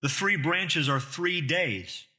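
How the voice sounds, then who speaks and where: A man's voice: a little high, animated, slow pace, pushed and bright. A man preaching an expository sermon, earnest and emphatic, with rhetorical questions to the listeners.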